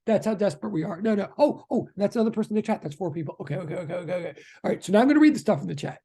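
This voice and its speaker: A physics teacher giving a live online lecture, chatty and excitable, often repeating questions to students in the chat. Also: mid-range voice, very fast, hardly any pauses.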